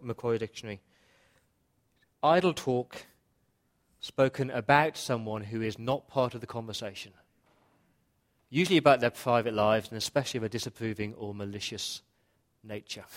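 A male pastor giving a sermon in church, earnest and repeating key points for emphasis. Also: mid-range voice.

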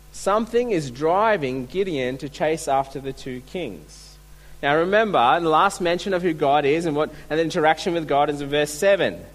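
A man's voice: fairly high pitch, moderate pace, poor audio. A man preaching a sermon, earnest and full of rhetorical questions. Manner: earnest, asks rhetorical questions, restarts words.

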